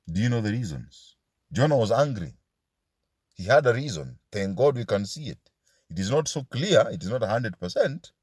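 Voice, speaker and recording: A man's voice: mid-range voice, a little mellow, dry recording, studio quality. A man preaching a sermon as pastor, asking his listeners question after question and dropping into Swahili asides.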